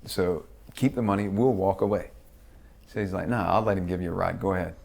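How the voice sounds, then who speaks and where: Interview guest, male, low and gravelly voice, profane and lively storyteller who acts out the quotes. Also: fairly quick.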